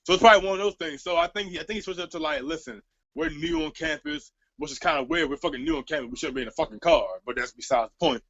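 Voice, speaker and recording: A man's voice: fairly high pitch, rapid-fire, few pauses, fairly bright tone, dry recording, dull audio. A man telling a rambling, profane story in casual chat, laughing as he goes.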